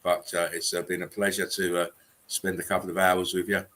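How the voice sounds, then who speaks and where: Low male co-host, halting casual chat, faint hiss behind. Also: level tone, a bit bright. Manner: rambling, many fillers and restarts. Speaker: stream co-host.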